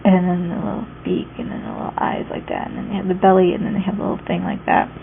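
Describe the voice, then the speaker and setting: A woman's voice: fairly low pitch, sing-song, fast, vocal fry. A young woman walks through her sketchbook in a loose, rambling way, full of fillers and asides. The sound is thin and phone-like, with a faint hiss underneath. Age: young adult. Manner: chatty, rambling, lots of "like" and asides. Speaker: art vlogger. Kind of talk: casual sketchbook walkthrough.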